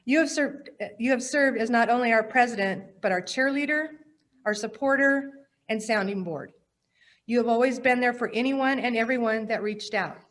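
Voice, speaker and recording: A woman with a slightly high voice gives an acceptance speech as the incoming president of an organization. She sounds humbled and heartfelt, a little choked up as she thanks those who came before her. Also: normal speed, fairly bright tone. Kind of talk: acceptance speech at an awards program.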